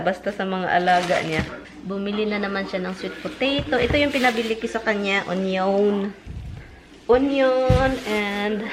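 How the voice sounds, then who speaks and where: A woman from the Visayas region of the Philippines with a Filipino accent, chatting casually to her viewers in a home vlog. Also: mid-range voice. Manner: chatty, addresses viewers as guys. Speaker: vlogger. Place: home kitchen. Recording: clear crowd noise behind.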